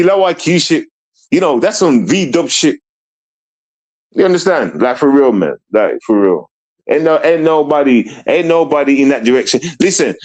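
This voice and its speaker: Animated, profane man ranting on stream. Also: a little high, rough recording. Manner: profane, repetitive, confrontational; rambling with stammered restarts. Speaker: livestreamer. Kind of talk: live stream rant at chat.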